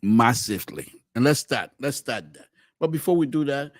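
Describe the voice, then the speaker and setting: A middle-aged man tells his story into a close mic, his pitch leaping and dropping as he goes. He stumbles into restarts and repeats, then bursts out loud before sinking back to a murmur. The sound is dry and near. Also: moderate pace, no room sound. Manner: animated, swings between loud exclamations and low murmurs; frequent restarts and repeated words. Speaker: podcast host. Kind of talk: storytelling commentary.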